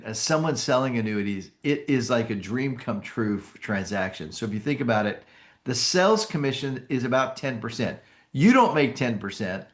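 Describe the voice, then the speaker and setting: Enthusiastic man giving a sales pitch. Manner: enthusiastic, self-correcting, restarts phrases. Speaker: company presenter pitching annuity sales.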